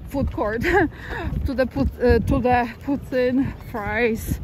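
A woman's voice: fairly high pitch, takes it slowly. A woman chatting casually on a live stream as she walks a busy city street, giggling often, on a handheld phone. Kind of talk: casual walking livestream. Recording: loud street noise outdoors.

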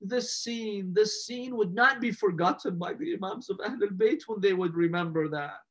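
A man giving a mourning sermon, telling the story slowly and with passion and putting rhetorical questions straight to his listeners. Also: high voice, fairly bright tone. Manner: impassioned, slow emphatic storytelling; addresses the audience directly with rhetorical questions. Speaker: religious lecturer.

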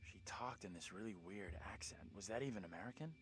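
An actor playing a shaken, confused young man with a gravelly voice. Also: on the low side, fast, a bit bright, slight background noise, natural voice. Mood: unsettled.

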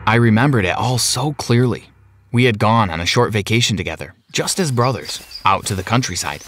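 A man telling a first-person story as narrator, dramatic and slowing down for the tense moments. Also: fairly low pitch, lively intonation, fairly bright tone. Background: background music.

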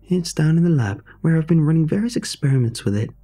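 A man's voice: a little high, lively intonation, quick pace, mellow, pitched above the performer's own voice. A man voicing a cheerful, slightly manic aunt who is an inventor changed by a meteor, chatty and rambling, with faint music behind. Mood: eager.

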